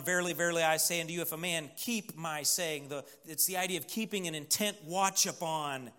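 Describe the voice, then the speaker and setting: A man preaching a sermon, emphatic, pausing for the congregation to fill in words. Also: high voice, pushed and bright. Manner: emphatic preaching with call-and-response pauses. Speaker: pastor.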